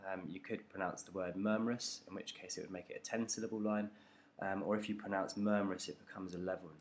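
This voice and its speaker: Hesitant low-voiced male teacher. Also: steady tone, fast, a little hiss or hum. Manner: hesitant, many ums and restarts. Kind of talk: unscripted poetry analysis lecture.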